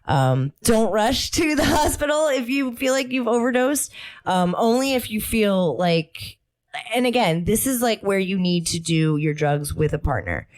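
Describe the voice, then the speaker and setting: A woman's voice: medium pitch, lively intonation, unhurried. A young adult woman co-hosting a podcast in casual chat, giggly and rambling, often laughing mid-sentence. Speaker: podcast co-host.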